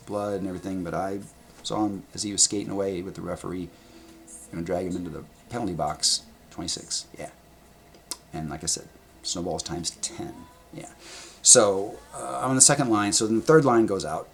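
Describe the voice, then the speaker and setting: A man with a low, gravelly voice tells rambling stories to a camera at a table indoors. He is animated and blunt, throws in sound words and swears casually. A faint hum sits behind him. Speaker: vlogger telling stories. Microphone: camera in front of him.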